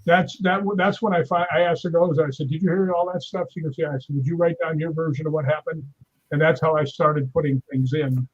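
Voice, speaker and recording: A man's voice: fairly high pitch, brisk, husky, lo-fi sound. A man telling stories in casual chat on a live stream, acting out the voices he quotes. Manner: animated storyteller, acts out quoted voices. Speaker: guest.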